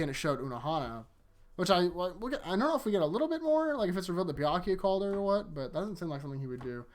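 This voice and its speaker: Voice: mid-range voice, animated, darkish tone. Chatty anime recap host. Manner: retells scenes by acting out quick character lines; chatty, laughs often, frequent fillers. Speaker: anime rewatch reviewer. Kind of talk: casual episode recap.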